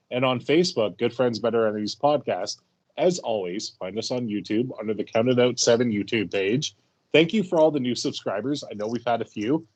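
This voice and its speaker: Male podcast co-host, excitable and brash, casual profanity. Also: medium pitch. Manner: excitable, brash, swears freely.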